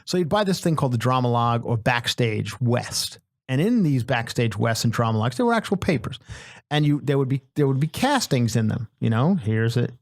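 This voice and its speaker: A man hosting a comedy podcast, telling a long story in an animated, self-mocking way that often repeats itself. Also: mid-range voice, moderate pace, no room sound, studio quality. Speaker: podcast host.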